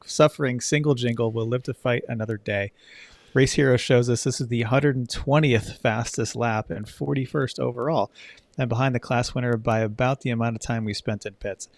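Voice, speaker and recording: A man's voice: medium pitch, creaky, dry recording. A man co-hosting a casual car-racing podcast, reading listener comments with dry jokes. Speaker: podcast co-host.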